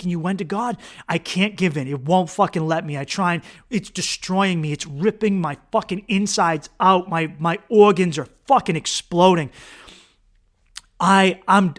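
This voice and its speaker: A man with a slightly high voice tells a personal story on his podcast. He is intense and profane, and his delivery swings from loud bursts to near-hushed lines. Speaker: podcast host.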